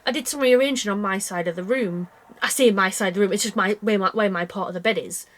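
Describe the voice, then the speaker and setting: A woman's voice: mid-range voice, fast. A British woman vlogging from her bedroom, rambling cheerfully about her cross stitch with plenty of self-mocking asides. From United Kingdom. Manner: rambling, chatty and self-deprecating, with frequent asides. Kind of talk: casual chat to camera.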